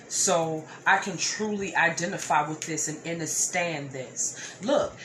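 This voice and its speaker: A woman giving a collective tarot reading, sometimes slow and soothing, sometimes playful with slang. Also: lowish voice, a little hiss or hum. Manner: earnest, slow and soothing, with repeated phrases; playful slang and loud laughing. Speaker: tarot reader.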